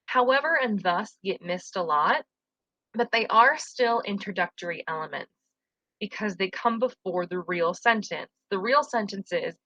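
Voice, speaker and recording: A young woman talks through a recorded grammar lesson like a teacher addressing her class, friendly and explanatory. Her voice is bright and forward. The sound is close and dry, with almost no room around it. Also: mid-range voice, unhurried, no room sound, dull audio. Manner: friendly, explanatory, casual fillers.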